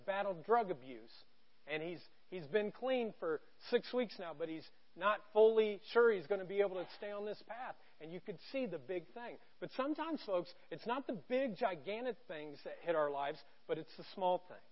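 Pastor guy preaching, kinda high voice, jokey and chatty, muffled church recording. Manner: conversational and joking, with swings from quiet to loud. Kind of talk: sermon. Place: church stage.

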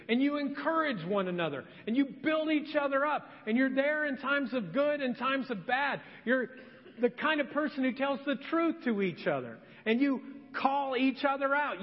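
A man's voice: very high-pitched, big-room sound, lo-fi sound. A man preaching a sermon as pastor, talking in a conversational, self-deprecating way and telling stories. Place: church sanctuary.

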